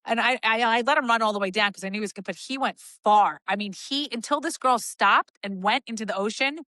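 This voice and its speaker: Female podcast co-host, bright and forward tone, animated anecdotal delivery, dry booth sound. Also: a little high, fairly quick, dry recording. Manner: animated storytelling with quoted voices. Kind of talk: casual chat.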